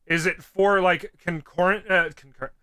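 A man's voice: high-pitched, fairly even intonation, moderate pace, sharp tone, smooth. A man co-hosting a casual podcast, nerdily explaining franchise lore. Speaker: podcast co-host.

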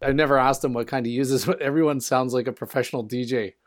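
A man's voice: mid-range voice, fairly even intonation, fast talker. A man co-hosting a podcast, telling stories in a chatty, amused way. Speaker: podcast co-host. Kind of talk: casual podcast chat.

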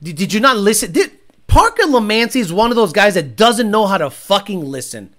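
A man hosting a livestream and reading chat, talking bluntly and profanely, often bursting into loud shouts. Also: high voice, sing-song, a little fast. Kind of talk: casual ranting chat.

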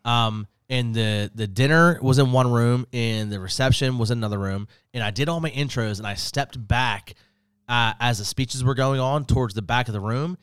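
Excited rambling podcast host. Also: male voice, medium pitch, normal speed, smooth, no echo, clean studio sound. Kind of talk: casual chat.

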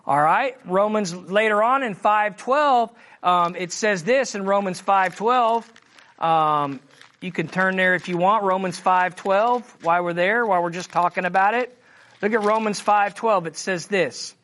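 With a fairly bright, mid-range voice, this preacher teaches scripture in a sermon, reading each passage slowly and emphatically. Checks like "Amen?" and "All right?" punctuate his teaching often.

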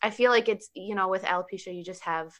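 A woman telling a personal story in casual conversation, animated, laughing often and saying 'like' a lot. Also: mid-range voice, fast.

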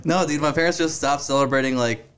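A man's voice: a little high, fast, fairly bright tone, clean tone. A man in his twenties, a podcast guest, talking in a laid-back, hesitant way full of likes. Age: 20s. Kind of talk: casual chat.

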